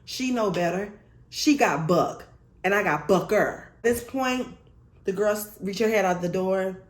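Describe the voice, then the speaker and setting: Young woman, storytime vlog, animated and emphatic, echoey room. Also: mid-range voice, measured pace. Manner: animated, emphatic, swears freely. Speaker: vlogger. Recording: roomy echo.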